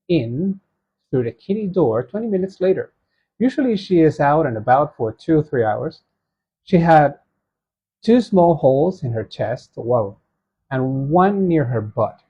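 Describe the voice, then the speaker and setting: A man's voice: fairly high pitch, husky. A man in his thirties reading submitted stories aloud and reacting with laughing asides. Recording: dull lo-fi sound.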